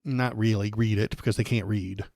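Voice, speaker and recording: A man's voice: on the low side, steady tone, normal speed, gravelly, a little mellow, no echo, studio quality. A man hosting a live political stream, ranting angrily and sarcastically with plenty of profanity. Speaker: livestream political commentator.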